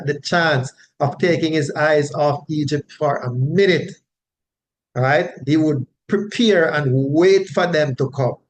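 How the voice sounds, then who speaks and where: Male Bible teacher, unhurried and explanatory, slightly high-pitched, faint low rumble in the recording. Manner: unhurried, explanatory, frequent tag questions.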